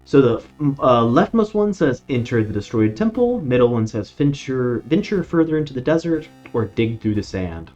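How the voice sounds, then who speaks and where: A man's voice: medium pitch, normal speed, hardly any pauses. A man streaming a horror board-style game, reading its text aloud and reacting with casual jokes and swearing. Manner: animated, swears casually, jokes at his own bad luck. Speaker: gaming streamer. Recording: dull lo-fi sound with faint music behind.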